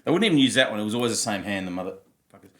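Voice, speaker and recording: A man in his fifties, originally from Germany, co-hosting a podcast and telling stories in a blunt, animated way, swearing freely. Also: fairly low pitch, rapid-fire. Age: 50s. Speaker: podcast co-host. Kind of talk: casual storytelling chat.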